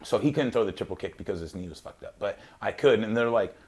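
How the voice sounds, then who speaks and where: A man hosting a podcast in casual chat, an animated storyteller who acts out quotes, swears freely and laughs often. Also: on the low side, fast. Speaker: podcast host.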